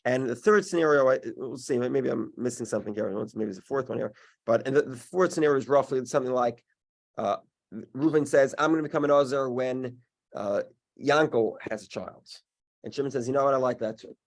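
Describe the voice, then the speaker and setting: A man leads a Talmud study class, talking through each case slowly and carefully. He stops and restarts his sentences often as he works out the reasoning aloud. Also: medium pitch. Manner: halting, many restarts, explains step by step. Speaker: Talmud teacher. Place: in-person class also streamed online.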